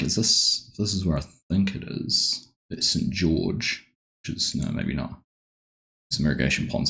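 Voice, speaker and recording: A man with a deep, low voice talks his way through a live game stream. He chats easily and greets viewers one by one. His talk wanders between the game and side topics. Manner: chatty, greets viewers by name, easily sidetracked. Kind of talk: casual live-stream commentary.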